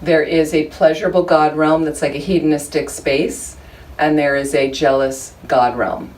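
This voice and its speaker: In a low, slightly mellow voice with flat delivery and normal speed, a woman gives informal dharma teaching to a small Buddhist study group in a room. She keeps it chatty and humorous, often making asides to her listeners, and the distant recording has faint background noise.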